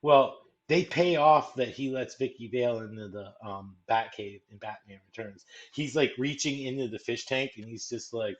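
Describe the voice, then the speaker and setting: A man's voice: medium pitch, moderate pace, few pauses, highs cut off. A young man co-hosting a casual movie chat, rambling and filling his talk with "like". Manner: rambling, full of "like", acts out quotes. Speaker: co-host.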